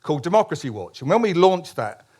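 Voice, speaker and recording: A man's voice: on the high side, big pitch swings, quick pace, darkish tone. A man, a columnist, giving a public speech at a political meeting, emphatic, with frequent restarts and ironic asides.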